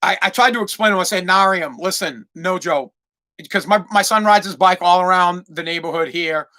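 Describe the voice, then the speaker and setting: Animated, bright-voiced man. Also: sits high, fast. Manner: animated, profane, lots of restarts. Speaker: podcast host. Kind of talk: casual storytelling monologue.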